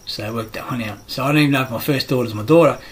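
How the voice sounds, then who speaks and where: A middle-aged Australian man rants in a blunt, aggrieved monologue, swearing heavily as he rambles from point to point. His voice sits at an ordinary middle pitch. Crickets chirp faintly behind him with a light hiss of noise. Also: racing, low-quality recording.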